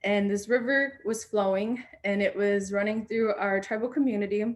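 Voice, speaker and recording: A woman's voice: medium pitch, fairly even intonation, normal speed. A young adult woman on a video call, telling a personal story in a reflective way with many fillers and restarts. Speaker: panel speaker.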